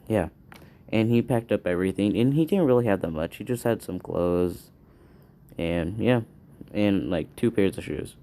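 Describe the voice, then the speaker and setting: A man's voice: deep voice, animated, moderate pace, dark tone. A man improvising a fan story aloud, rambling and hesitant as he thinks it up.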